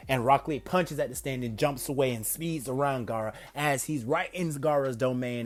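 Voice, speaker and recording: A man casually narrating a fan-made story, excitable and often stumbling and correcting himself mid-sentence. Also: mid-range voice.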